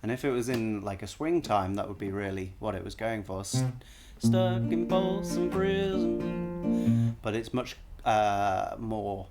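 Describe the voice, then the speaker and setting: A man's voice: fairly low pitch, fairly even intonation, moderate pace, few pauses, loud music behind the voice. A man analyzing a song on a live stream, casually singing short bits of melody to show the notes and often stopping to correct himself.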